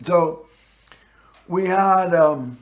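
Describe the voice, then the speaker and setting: A man hosting a local TV show, telling a personal story in a rambling way and often clearing his throat. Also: sits high. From Northern California. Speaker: host.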